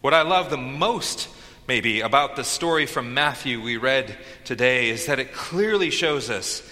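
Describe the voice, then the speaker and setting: A man preaching a sermon from the pulpit, dynamic and full of dramatic pauses. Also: mid-range voice, expressive. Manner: dynamic preaching with dramatic pauses and shouted call-and-response lines. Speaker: pastor. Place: church sanctuary. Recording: long reverb of a church sanctuary.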